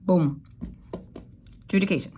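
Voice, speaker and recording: Rambling, excitable tarot reader woman. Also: unhurried, husky. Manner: emotional, rambling, excitable with sudden jumps in pitch. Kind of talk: casual tarot reading to camera.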